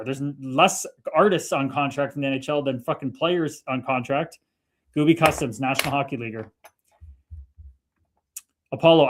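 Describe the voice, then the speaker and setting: A man in his thirties hosting a casual livestream, swearing freely and mixing hype with preachy spiritual talk while reading out comments. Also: a little high. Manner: profane, hyped-up, preachy spiritual lingo. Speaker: livestream host. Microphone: streaming mic.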